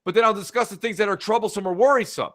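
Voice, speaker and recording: A man co-hosting a gaming podcast, talking in an animated, rambling way. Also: high voice, racing. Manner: animated, reads chat aloud, fills with uh. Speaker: podcast co-host. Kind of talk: casual gaming podcast chat.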